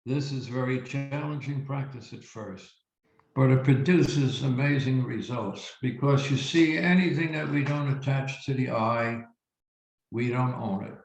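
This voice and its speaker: A male reverend giving a spiritual teaching talk, telling a story slowly and reflectively with emphatic pauses. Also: mid-range voice, creaky. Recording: roomy, dull lo-fi recording.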